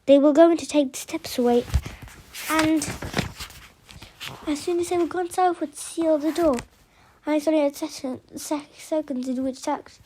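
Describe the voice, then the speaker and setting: High-voiced woman reading a novel aloud, stumbling. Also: fairly even intonation, normal speed, long pauses, dark tone, slight background noise. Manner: stumbling, frequently restarting words and misreading. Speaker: reader of an audiobook.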